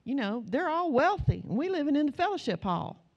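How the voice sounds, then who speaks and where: A middle-aged American woman preaching to her congregation in a fairly high voice. She talks like she's telling stories to friends, then presses her points with slow, emphatic repetition. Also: very animated, darkish tone, highs cut off. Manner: storytelling, conversational, rising to emphatic repetition. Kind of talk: sermon.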